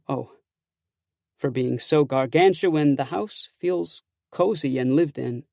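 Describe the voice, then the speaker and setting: Gravelly, wry male audiobook narrator. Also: medium pitch, warm tone, no echo, clean studio sound. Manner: wry, self-conscious, conversational. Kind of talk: scripted first-person narration.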